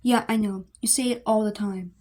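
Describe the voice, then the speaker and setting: A woman's voice: mid-range voice, fairly even intonation, normal speed, a little mellow, natural voice. A woman voicing a sulky young prince who hates getting up, speaking in a groggy, grumbling way. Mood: grumpy. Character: sleepy, grumpy young male prince.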